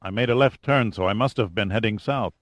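A man's voice: on the low side, fairly quick, no echo, close to an everyday voice. A man voicing a confused, anxious Soviet man who speaks urgently in a dry audiobook reading. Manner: urgent, increasingly desperate.

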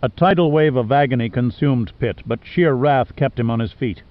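A man reading an audiobook in steady scripted narration. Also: medium pitch, normal speed, no echo, highs cut off.

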